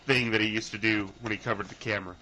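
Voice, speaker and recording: A man's voice: lowish voice, fairly even intonation, quick pace, background noise. A man giving casual, rambling reaction commentary, mocking the person in the clip. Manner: rambling, mocking, laughs at his subject.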